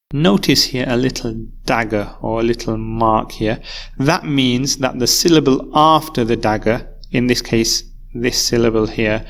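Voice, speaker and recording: A man's voice: medium pitch, fairly bright tone. A man teaching a recorded English vocabulary lesson, explaining patiently and repeating key words. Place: university course video.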